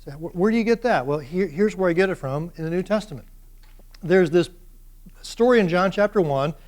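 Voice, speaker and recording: A man with a high speaking voice lectures a university class. He is animated and keeps drawing the students in with questions. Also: brisk.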